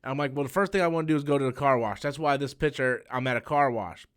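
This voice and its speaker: A young man with a drawl chats loosely on a live stream. His voice is smooth and clean, at a middle pitch, and he rambles through a story with lots of "um" and "like.". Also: fast talker. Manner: rambling storytelling with many fillers and restarts. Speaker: comics channel host. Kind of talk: casual live-stream chat.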